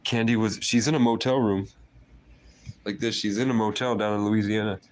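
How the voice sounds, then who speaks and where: A man with a low voice rambles to his viewers on a phone livestream, drifting from one conspiratorial aside to the next. A faint hiss sits under his talk. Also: steady tone, moderate pace.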